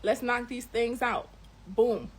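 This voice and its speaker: A woman's voice: a little high, takes it slowly, a little hiss or hum. A woman hosting a casual accent challenge with her mother, upbeat and giggly. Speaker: video host with her mother.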